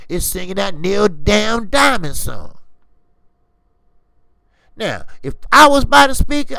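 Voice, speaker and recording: A man's voice: high voice, unhurried, gravelly, no echo, clean studio sound. A man hosting a boxing stream, ranting profanely and repeating himself. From Chicago. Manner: profane, animated, repeats words. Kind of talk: ranting commentary.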